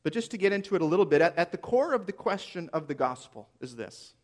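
A man's voice: sits high, sing-song, fast talker. A man preaching a sermon as pastor, earnest and emphatic, posing rhetorical questions to his listeners.

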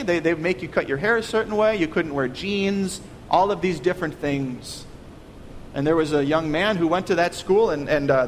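A man preaching a sermon, earnest and pleading, often stumbling over repeated words. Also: high voice. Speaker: pastor. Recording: long reverb, faint noise.

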